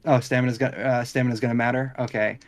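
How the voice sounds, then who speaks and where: A man's voice: medium pitch, flat delivery, quick pace. Rambling male tabletop player. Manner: rambling, self-correcting. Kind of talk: casual tabletop play.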